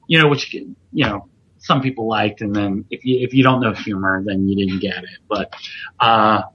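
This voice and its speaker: A man's voice: medium pitch, breathy edge, dull audio. A man, a veteran pro wrestler hosting a podcast, talking casually in a rambling, self-deprecating way with restarts. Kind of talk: casual chat.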